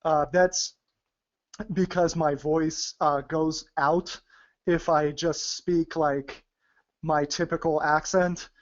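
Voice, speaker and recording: A man teaching poker in a webinar, chatty with frequent asides, using a deliberate presenter's voice pushed from the gut. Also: on the high side, steady tone. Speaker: poker coach. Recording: dull lo-fi webinar audio.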